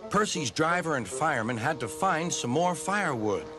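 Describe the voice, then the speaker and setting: Expressive man reading a storybook. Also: a little high, normal speed. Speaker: narrator. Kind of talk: storybook narration. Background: music.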